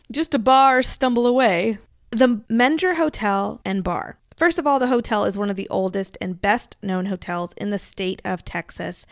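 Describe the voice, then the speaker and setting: Recorded in a clean studio with no echo, this podcast co-host speaks at normal speed in an expressive, medium-pitched voice. Her storytelling is casual and chatty, with frequent laughs and asides poking fun at herself.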